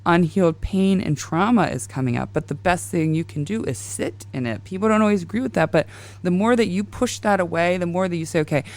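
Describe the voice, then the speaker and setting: A woman's voice: on the low side, brisk. A woman in her thirties hosting a casual astrology podcast, rambling and confessional as she tells stories. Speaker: podcast host.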